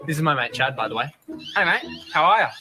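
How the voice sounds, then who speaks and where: A man's voice: fairly high pitch, lively intonation, fast talker, noisy background, lightly acted. A man voicing a cheery Australian bloke with a broad, slangy drawl, welcoming a visiting mate.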